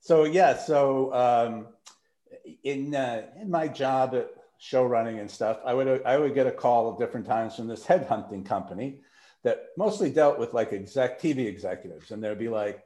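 A man spinning loose, rambling stories in a relaxed conversation, slipping into the voices of the people in them. His voice rings with a noticeable room echo. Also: mid-range voice, normal speed. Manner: rambling anecdotes with quoted voices and laughter. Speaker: podcast guest, TV writer and showrunner. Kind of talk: casual storytelling chat. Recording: roomy echo.

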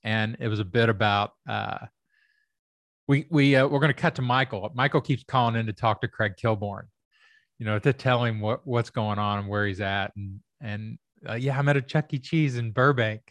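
A man's voice: lowish voice, normal speed, no room sound. Rambling man from Kentucky. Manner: rambling, relaxed, many fillers. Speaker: comedy writer and stand-up comic, guest. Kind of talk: casual storytelling chat.

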